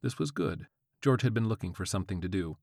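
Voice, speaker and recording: Deep-voiced man narrating a story wryly. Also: expressive, fast talker, a little mellow, dry recording, studio quality. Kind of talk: scripted audiobook narration.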